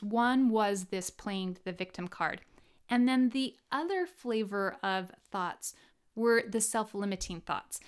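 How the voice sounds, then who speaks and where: A woman hosting a reflective personal monologue on self-help, animated and drawing out key words for emphasis. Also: medium pitch, clear, resonant tone.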